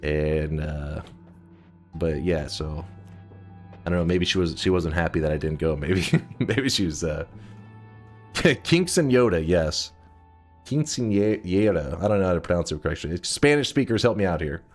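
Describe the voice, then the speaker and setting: A man's voice: rumbling low, moderate pace, soft background music. A man streaming a game, telling a rambling story casually, swearing and breaking off mid-sentence. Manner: rambling, profane, self-interrupting. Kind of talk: casual storytelling while gaming.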